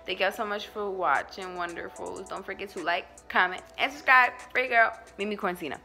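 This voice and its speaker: A woman's voice: mid-range voice, fairly quick, gravelly, music in the background. A young woman vlogger telling a personal story in a casual, slangy way, laughing often as she goes.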